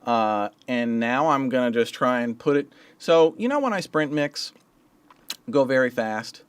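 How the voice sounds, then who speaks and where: This man leads a casual teaching livestream as a mixing engineer, keeping things informal with slang and now and then a curse word. He speaks at a measured pace with a mid-range, lively voice, and the tone is clean and the recording dry.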